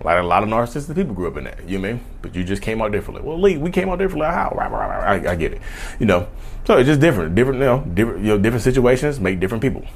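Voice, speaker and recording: A man talking casually to camera in a vlog, animated, addressing viewers as "y'all" and slipping into mocking voices. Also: fairly low pitch, rapid-fire, slightly rough. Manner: loose conversational speech, says "y'all" often. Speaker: YouTube host.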